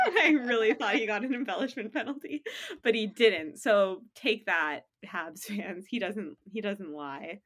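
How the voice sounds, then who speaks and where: A woman co-hosting a casual sports podcast, talking in an animated, playful way and laughing often. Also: medium pitch, moderate pace. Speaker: podcast co-host.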